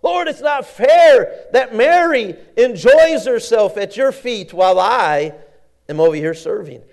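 A man's voice: lively intonation, measured pace, a little mellow, heavily acted. A man voicing a frustrated woman complaining shrilly that things are not fair. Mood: whiny, indignant. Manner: whiny, shrill, indignant.

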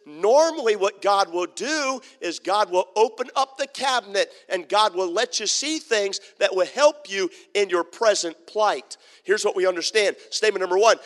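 A man's high voice rings with a long reverb tail through a church sanctuary. Preaching as a pastor, he tells stories with humor, animatedly acting out the people in them.

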